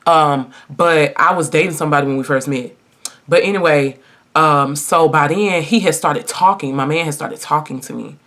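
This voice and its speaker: A woman's voice: deep voice, moderate pace, a bit bright. A woman in her twenties telling a personal story in a casual get-ready-with-me video, chatty and emphatic, talking straight to her viewers. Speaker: vlogger.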